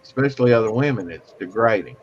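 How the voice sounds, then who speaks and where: A man's voice: fairly low pitch, animated, fast, dull audio, a little hiss or hum. A man hosting a casual group chat, asking the others questions. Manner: questioning, chatty. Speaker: podcast host.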